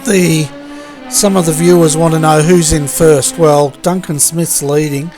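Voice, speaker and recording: Teasing, slightly high-voiced co-commentator. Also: male voice, little pitch movement, measured pace. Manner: friendly, teasing banter. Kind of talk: casual race commentary. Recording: background music on stream.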